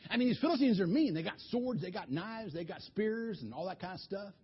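Casting: a husky, folksy preacher telling a Bible story, dull lo-fi recording. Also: male voice, high voice, expressive, brisk. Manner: folksy, colloquial, lots of restarts. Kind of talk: animated Bible storytelling sermon.

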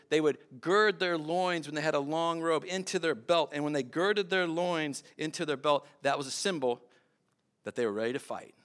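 A pastor preaching a sermon in a church, talking conversationally with asides and repeated phrases. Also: male voice, fairly high pitch, fairly bright tone.

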